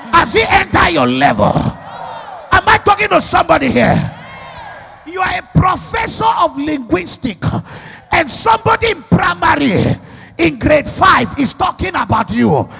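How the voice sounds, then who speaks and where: A man preaching a sermon at a church service, shouting call-and-response lines and repeating phrases over and over. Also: extremely high pitch, big pitch swings, normal speed, creaky, soft background music, a faint crowd.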